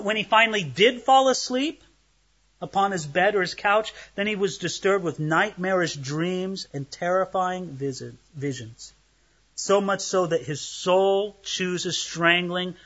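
A male preacher with a high, bright voice delivers an emphatic Bible sermon, throwing drama into the verses he explains. The recording sounds dull and lo-fi. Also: unhurried, breathy edge. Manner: emphatic, dramatizes scripture passages.

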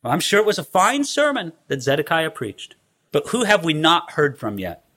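A man preaches in an animated, storytelling style and acts out the scenes as he reads. His voice sits high and sounds bright and forceful. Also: moderate pace. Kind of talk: expository sermon.

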